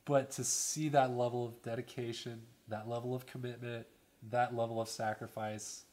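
A man's voice: medium pitch, level tone, moderate pace, darkish tone. A young man in an interview, talking earnestly about an old friend and filling his speech with "you know". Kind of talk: reflective documentary interview.

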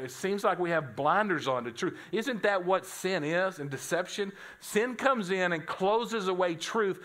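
A man preaching a sermon with a bright, forceful voice that sits a little high for a man. As a pastor, he tells a story and slips into the voices of the people he quotes.

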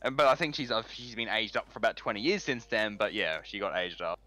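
A man's voice: lowish voice, animated, fast, sharp tone. A man co-hosting a gaming channel, chatting casually and swearing now and then while he plays. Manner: laid-back, swears casually.

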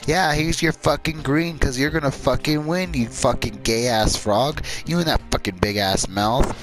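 Brief: man, mid-pitched, cursing gamer raging at the computer opponents, game soundtrack clearly behind him. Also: moderate pace, low-quality recording. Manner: profane, angry trash-talking at the game. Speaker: gamer playing online card game. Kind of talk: gameplay chat. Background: game soundtrack music.

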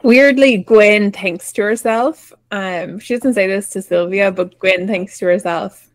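A woman playing a tabletop game, friendly and brisk. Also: medium pitch, no echo. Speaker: player.

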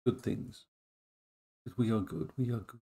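This middle-aged man vlogs from home with a tablet as his action cam, talking in a rambling, playful manner and cooing to his dogs. He has a mellow mid-range voice with vocal fry and takes his time.

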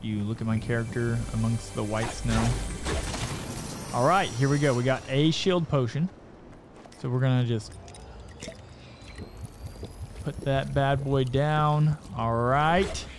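A man hosting a gaming video, commentating his play, yelping and repeating words in fast bursts when in danger and chatting to himself and the viewer while looting. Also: medium pitch, fairly even intonation, a little hiss or hum. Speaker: gaming channel host. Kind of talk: excited gameplay commentary.

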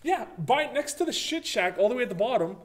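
A man co-hosting a podcast, casually chatting about games and telling animated stories, swearing freely and acting out his own reactions. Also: extremely high pitch, brisk. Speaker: podcast co-host. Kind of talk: casual gaming chat.

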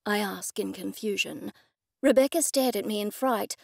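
A woman narrating a cozy mystery audiobook in the first person, steady and clear. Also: medium pitch, normal speed, no echo. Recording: dry, close studio recording.

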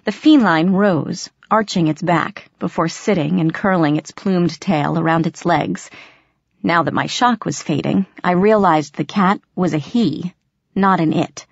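A woman narrating a first-person audiobook with dramatic, expressive reading. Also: on the low side, measured pace, creaky, no echo, muffled recording.

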